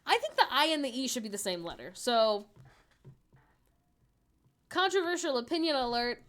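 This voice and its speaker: A young woman chats casually with her viewers from home, fairly high and very lively in pitch. She jokes about herself and laughs easily, talking into a desk microphone. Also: moderate pace. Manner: chatty, laughs often, self-deprecating. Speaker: streamer. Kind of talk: casual livestream chat.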